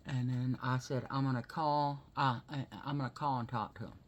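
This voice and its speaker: A woman's voice: extremely low pitch, fairly even intonation, moderate pace, a little hiss or hum. A woman chatting while she does her makeup and telling a story that grows heated. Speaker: vlogger. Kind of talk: casual chat while doing makeup.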